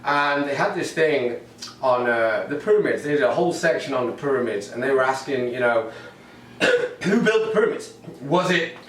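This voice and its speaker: A man's voice: mid-range voice, lively intonation, moderate pace, fairly bright tone, slight background noise. A middle-aged man with an English accent, doing a rambling, wry stand-up set in his living room to a camera. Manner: wry, rambling observational delivery. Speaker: stand-up comedian. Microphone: camera mic set far off. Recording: echoey room, distant mic.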